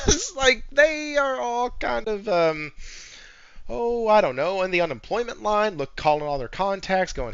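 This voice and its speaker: A man hosting a podcast in casual chat, animated and joking, swearing freely. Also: a little high, no echo. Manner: animated, swears, jokes and sings bits. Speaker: podcast host. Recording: dull lo-fi sound.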